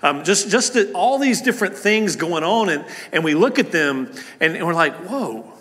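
A man delivering a church sermon in a bright, forceful voice pitched a little high. He talks earnestly and conversationally, with plenty of fillers and restarts. The sound carries the long reverb of a church hall. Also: lively intonation, moderate pace. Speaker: pastor. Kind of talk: sermon with opening prayer. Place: church service.

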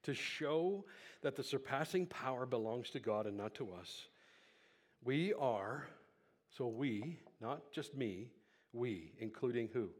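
A male pastor delivers a sermon at a microphone in a church, his voice sitting at an ordinary middle pitch. He drops to hushed, slow phrases and then climbs to loud, impassioned peaks. His breathing is heavy and audible on the mic. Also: lively intonation. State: breathing heavily.

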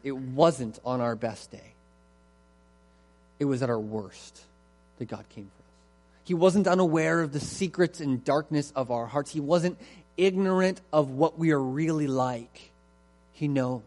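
A man's voice: medium pitch, expressive, measured pace, a little mellow. A man preaching a sermon in an earnest, emphatic way and repeating his key phrases.

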